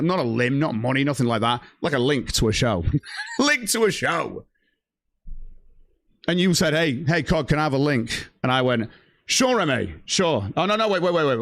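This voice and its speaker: Heated and foul-mouthed, a man with a mid-range voice vents on his livestream and reads chat messages out loud. It's a dry, studio-quality recording.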